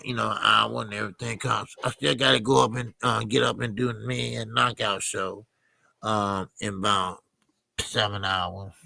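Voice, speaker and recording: A man with a gravelly, fry-tinged voice talks slowly and loosely, hosting a live boxing chat stream. He reacts to his viewers, trailing off into fillers and restarts, and the sound is dry and close. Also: medium pitch, sharp tone, dry recording. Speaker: boxing channel host. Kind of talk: casual live-stream commentary.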